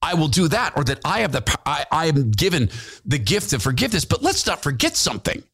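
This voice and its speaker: A man's voice: on the high side, sing-song, fast, gravelly, fairly bright tone, slightly rough. Guy ranting on his podcast, voice swings up and down a lot, preachy and fired up. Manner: fervent, repetitive, preachy. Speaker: podcast host. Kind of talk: impassioned political commentary.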